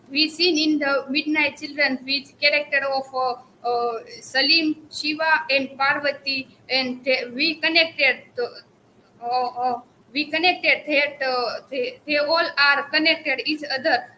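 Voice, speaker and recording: A woman in her twenties with an Indian English accent giving a hesitant classroom presentation, often restarting words and filling pauses. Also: high voice, fairly even intonation, sharp tone, a little hiss or hum, low-quality recording. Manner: hesitant, frequent restarts and fillers. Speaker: student presenter.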